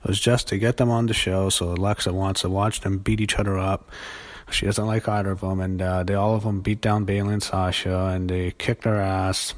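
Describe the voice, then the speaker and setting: A man's voice: sits low, little pitch movement, fairly quick. A young man giving a casual solo review of a wrestling show, blunt and profane, with many fillers and restarts.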